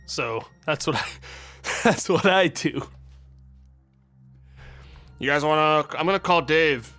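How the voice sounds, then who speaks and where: A man's voice: fairly high pitch, lively intonation, slow, bright, forceful tone, soft background music. A man streaming live, ranting with exasperation and heavy swearing to his chat. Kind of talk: angry live-stream rant.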